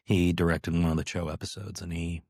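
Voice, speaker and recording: A man's voice: sits low, flat delivery, a little fast, darkish tone, no room sound, clean studio sound. A middle-aged man co-hosting a podcast, telling stories in a casual chat with many fillers and restarts. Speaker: podcast co-host, former cast member.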